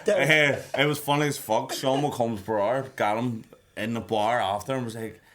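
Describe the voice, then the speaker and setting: A man's voice: medium pitch, normal speed, a crowd in the background. A man in casual banter, joking, swearing and retelling what others said.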